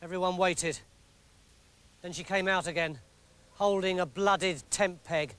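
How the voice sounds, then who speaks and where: An English man telling a comic story in a lively, mock-dramatic narrating voice. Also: high-pitched, unhurried, smooth.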